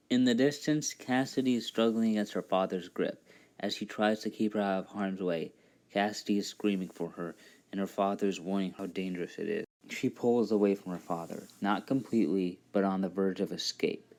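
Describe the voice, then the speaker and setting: A man's voice: on the low side, a little mellow. A man earnestly narrating his own rewrite of a story scene by scene. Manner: earnest, fast storytelling with sudden emphasis. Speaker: fan storyteller.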